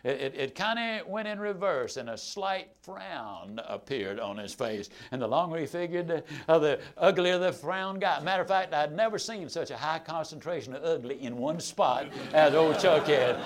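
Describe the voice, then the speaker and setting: A man's voice: a little high, lively intonation, normal speed, few pauses. An older man, a sales trainer telling a humorous story in a folksy, dramatic way.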